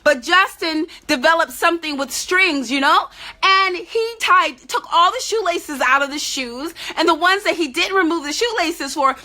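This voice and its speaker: A woman's voice: extremely high pitch, moderate pace, sharp tone. A woman speaking candidly and emotionally to other parents, tearful at times. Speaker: parent support vlogger. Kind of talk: heartfelt talk to camera.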